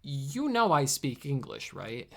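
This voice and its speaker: A man's voice: mid-range voice, very animated, takes it slowly, vocal fry, a bit bright, exaggerated voice. A young man playing an impatient, dismissive French emperor in a comedy sketch, curt and busy with war. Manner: curt, dismissive, muttering insults aside.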